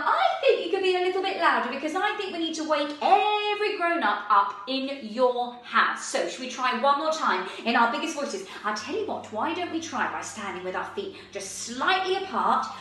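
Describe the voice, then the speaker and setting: A woman teaching a drama lesson to young children, animated and encouraging with playful counting cues. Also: a little high. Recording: echoey room from far off.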